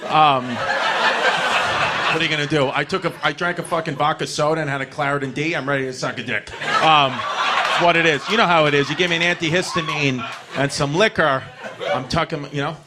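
Brash, tipsy New comic. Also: male voice, on the high side, fairly quick, heavy background noise. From New York. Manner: brash and profane, laughing through punchlines. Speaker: comedian. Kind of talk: stand-up storytelling.

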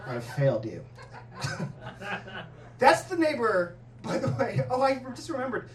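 A man doing a stand-up set, telling stories in a profane, animated way. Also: very high voice, a little slow, slight background noise. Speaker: stand-up comedian. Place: comedy club stage. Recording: echoey club, distant mic, audience laughter.

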